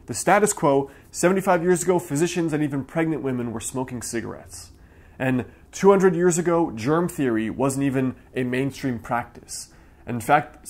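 Addressing the camera directly, this male channel host and acupuncturist talks earnestly and with emphasis, performing the voices of people he quotes. His pitch is medium and his tone a little mellow.

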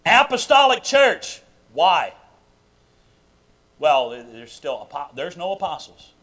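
High-voiced preacher, man, emphatic. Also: animated, slow. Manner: emphatic preaching with rhetorical questions to the congregation; swings between loud bursts and quiet low asides. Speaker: pastor. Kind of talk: sermon. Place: church sanctuary during a live service.

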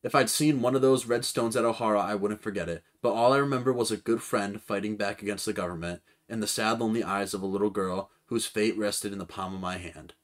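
A man voicing a weary former navy admiral, low and subdued. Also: a little fast, few pauses, lightly acted. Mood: somber. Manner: low, subdued, sullen delivery.

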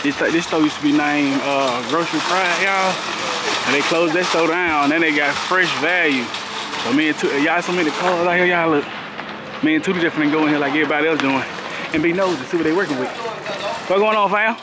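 A man's voice: a little high, fairly quick. A man, chatting casually to the camera as a family vlogger, telling stories to his viewers. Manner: animated, laughing storyteller addressing viewers as y'all. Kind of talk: casual vlog chat to camera. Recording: noisy background.

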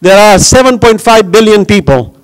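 A man's voice: high-pitched, animated, normal speed, smooth, poor audio. A man who grew up in New York, giving an impassioned Ramadan religious lecture full of rhetorical questions.

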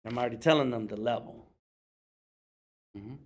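A middle-aged man, a working artist, giving a casual workshop talk and acting out other people in jokey voices. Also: normal speed. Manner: conversational, acts out others in high jokey voices.

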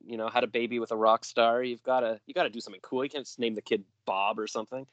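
A man's voice: mid-range voice, steady tone, quick pace, no room sound, highs cut off. A man hosting a podcast in casual chat, rambling and jokey, often trailing off mid-thought. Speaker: podcast host.

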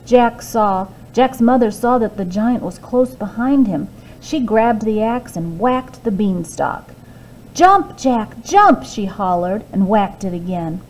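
A woman librarian reading a fairy tale aloud to children, expressive with hushed asides. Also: mid-range voice, a little slow, a little hiss or hum, low-quality recording.

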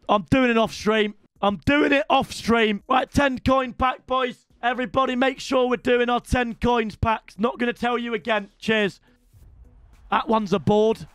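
A young British man streaming a football game, excitable, swearing and shouting, calling viewers lads. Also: very high-pitched, moderate pace, clean tone, no room sound, clean studio sound. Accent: British English. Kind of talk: live gaming commentary.

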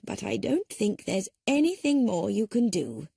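Heavily acted and pushed up from a mid-range voice, a woman's portrayal of an elderly spinster sleuth comes out gravelly, dark and husky. The pace is a little slow and the pitch sing-song. It's an audiobook character reading, gentle yet sharp-witted, where she speaks mildly and politely while carefully reasoning, recorded cleanly in a studio with no echo.

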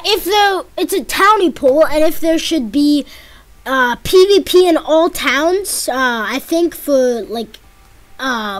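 Very high-pitched woman, lively swooping voice, excitable game commentary. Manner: excitable, yelps and pleads when in danger. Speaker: gameplay commentator. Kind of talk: casual let's-play commentary.

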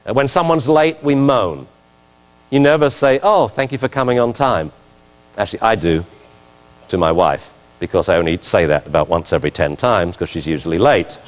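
Lively man lecturing in a reverberant hall. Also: low-pitched, moderate pace. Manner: lively, acts out commands to the dog. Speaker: dog trainer giving a lecture. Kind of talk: lecture with video commentary.

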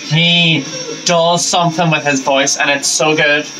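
A man's voice: on the high side, flat delivery, unhurried, low-quality recording. A man hosting a reaction channel, giving upbeat, enthusiastic commentary on a concert performance. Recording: concert music playing loud behind. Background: music.

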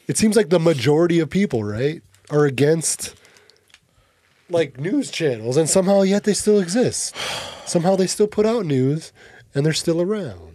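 A man chats on a podcast in a laid-back, skeptical way, and his thoughts trail through fillers. His tone is mellow and dark, and it sits close and dry on the mic. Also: on the high side, animated, moderate pace, no echo. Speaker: podcast co-host. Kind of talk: casual chat.

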